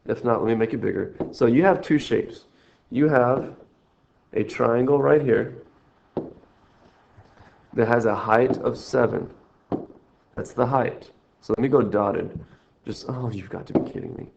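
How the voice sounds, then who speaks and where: A man's voice: mid-range voice, a little slow, creaky, long pauses, a little mellow, a little hiss or hum. A man teaching a recorded math lesson, walking through problems in a jokey, self-mocking, rambling way. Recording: dull lo-fi screen recording.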